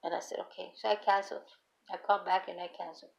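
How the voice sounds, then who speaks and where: Gravelly middle-aged woman telling a story. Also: mid-range voice, little pitch movement, quick pace, echoey room, poor audio. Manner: rambling, acts out quoted dialogue. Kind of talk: casual storytelling.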